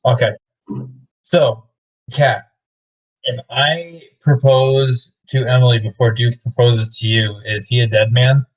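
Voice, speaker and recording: A man's voice: medium pitch, steady tone, slow, breathy edge, lo-fi sound. A man in casual podcast chat, asking joking, teasing questions.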